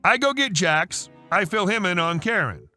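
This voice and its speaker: A man narrating a story aloud in a lively, chatty way. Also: sits high, moderate pace, soft background music.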